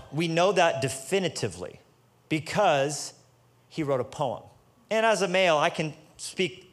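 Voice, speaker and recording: A man preaching with a fairly high-pitched voice. He keeps the talk casual, joking and street-level, then drives his points home with emphatic stress. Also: a bit bright, a little hiss or hum. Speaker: pastor. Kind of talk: sermon.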